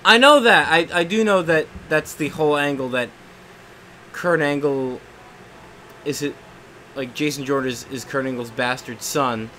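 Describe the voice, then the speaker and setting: Bright-voiced young streamer, rambling. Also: male voice, medium pitch, steady tone, normal speed, long pauses, a little hiss or hum. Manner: rambling, swears at the game. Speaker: live streamer. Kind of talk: casual chat while gaming.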